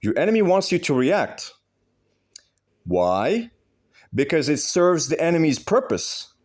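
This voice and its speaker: A man's voice: on the high side, very animated, unhurried, darkish tone. A man giving advice in a direct monologue, blunt and emphatic, swearing freely and repeating phrases for stress. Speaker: video host giving advice.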